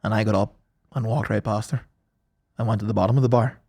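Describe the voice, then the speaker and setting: A man's voice: fairly low pitch, quick pace, vocal fry, breathy edge. Man with northern irish accent, chatty comic podcast host, laughs a lot. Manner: animated, acts out voices, laughs often. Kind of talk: comic storytelling chat.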